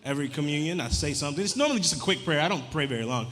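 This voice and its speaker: Male stand-up comic, rambling deadpan delivery, live club room with long reverb. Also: a little high, very fast, a little hiss or hum. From Louisiana. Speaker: stand-up comedian. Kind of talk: stand-up comedy set. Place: comedy club stage. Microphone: handheld stage mic.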